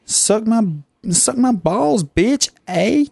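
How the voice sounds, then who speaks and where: A man putting on a brash, gravelly rapper. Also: extremely high pitch, lively intonation, takes it slowly, a little mellow, dry recording, clean studio sound, voice pushed up, heavily acted. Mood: taunting. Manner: street slang, barks insults, tags lines with "eh". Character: brash swaggering male rapper, young, quick to insult.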